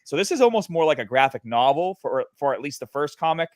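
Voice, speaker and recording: Man, eager pitch, lots of fillers, dry close sound, casual call. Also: fast talker, no echo. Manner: excited pitching, many fillers. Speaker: guest, NFT project creator. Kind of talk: casual livestream chat.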